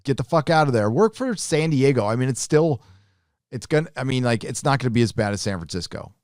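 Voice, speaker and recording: A man's voice: mid-range voice, lively intonation, fairly quick, a little mellow, no echo, clean studio sound. A man hosting a live stream, reading viewer donations aloud and answering them with joking, profane, rambling asides. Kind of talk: casual live-stream chat.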